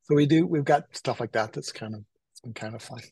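An older man spins a long story in a husky, slightly breathy voice. He talks casually and acts out the other people's lines as he goes. The sound is dry and close. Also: medium pitch, a little fast, no room sound, low-quality recording. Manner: animated anecdotal, acts out quotes. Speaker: photographer guest.

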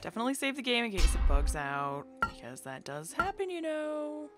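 A woman's voice: on the low side, huge pitch swings, a little fast. A woman hosting a let's play, chatting playfully and casually as she plays and now and then breaking into song. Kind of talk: casual gameplay commentary. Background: game music.

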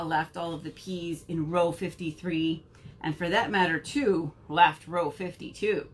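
A woman who is a children's librarian reads a picture book aloud from home for a virtual storytime. She talks to the kids in an animated, sing-song manner, with a fairly low pitch and an unhurried pace.

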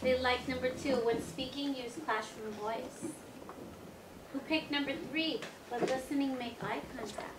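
Lady teacher w a high voice, talks slow and clear to little kids, mic far off in a noisy room. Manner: slow, clear instructions to children. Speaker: first grade teacher. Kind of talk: classroom lesson. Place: classroom. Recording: echoey classroom, distant mic, noisy.

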